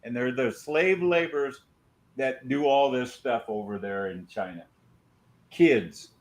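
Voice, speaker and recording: A man's voice: mid-range voice, a little slow. Opinionated man rambling with gum in mouth. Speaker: podcast host. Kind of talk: casual banter.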